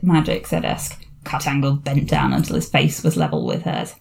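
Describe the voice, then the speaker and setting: A woman's voice: very deep voice, wildly swooping pitch, moderate pace, gravelly, darkish tone. A woman hosting a podcast, chatting casually and digressively about a book, often laughing. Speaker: podcast host.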